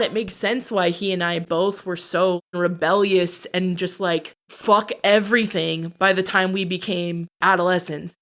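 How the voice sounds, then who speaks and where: A woman's voice: fairly low pitch, fairly bright tone. A woman, a podcast guest, telling her own life story in a blunt, candid, profane way. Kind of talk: personal storytelling.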